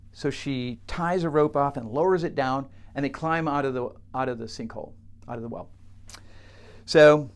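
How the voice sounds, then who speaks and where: Halting man telling a teaching story. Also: mid-range voice. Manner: halting, many fillers and restarts. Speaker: coach working with clients.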